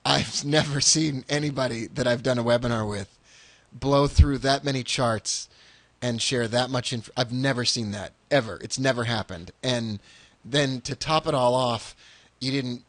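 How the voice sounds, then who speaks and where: A man hosting a webinar in casual chat, excitable and repeating words when eager. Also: medium pitch, moderate pace, dry recording. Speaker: webinar host.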